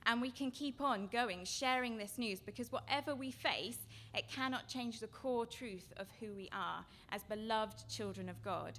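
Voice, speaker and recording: A woman giving an earnest sermon-style seminar talk, her voice going from quiet to loud. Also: fairly high pitch, normal speed, hardly any pauses, slight background noise. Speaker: seminar speaker.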